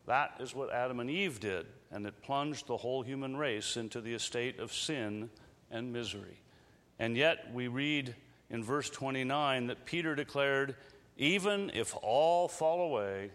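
A man preaching a sermon in an earnest, measured way, slowing down on emphatic phrases. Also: mid-range voice, fairly bright tone. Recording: long reverb of a large hall.

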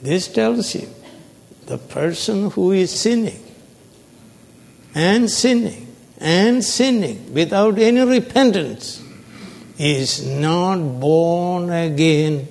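A man preaching a sermon, slow and emphatic, prompting his listeners with call-and-response questions. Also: high voice, lively intonation, vocal fry, darkish tone. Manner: call-and-response, prompting the audience with "what, sir?"; slow, emphatic, stretches key words. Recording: long hall reverb.

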